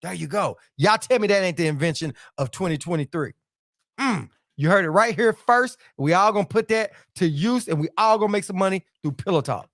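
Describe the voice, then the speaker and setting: A man's voice: sits high, lively intonation, fairly quick, fairly bright tone, no echo, studio quality. A middle-aged man hosting a casual livestream, reading viewer comments aloud and joking, with a playful manner and frequent repeated phrases.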